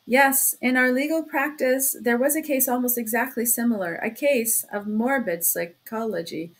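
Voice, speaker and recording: A woman's voice: fairly high pitch, normal speed, voice pushed up. A woman doing a sly, chatty male investigator. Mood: chummy, insinuating. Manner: talkative, teasing, insinuating. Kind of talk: audiobook reading.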